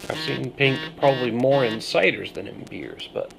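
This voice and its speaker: A man reviewing a beer on his video channel, musing through his tasting notes with pauses and thoughtful hums. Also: medium pitch, lively intonation, creaky, music in the background. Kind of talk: casual beer review vlog.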